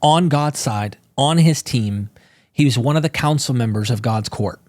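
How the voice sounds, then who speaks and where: A man speaking as a podcast guest, telling stories with fervent emphasis and quick bursts of conviction. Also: mid-range voice, a little mellow, no echo, clean studio sound. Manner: fervent, emphatic, acts out quoted people. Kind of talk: impassioned conversational storytelling.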